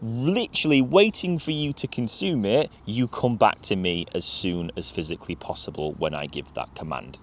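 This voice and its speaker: A man's voice: on the low side, darkish tone, a little hiss or hum. A man giving emphatic, direct training advice as a gundog trainer. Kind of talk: instructional talk to viewers.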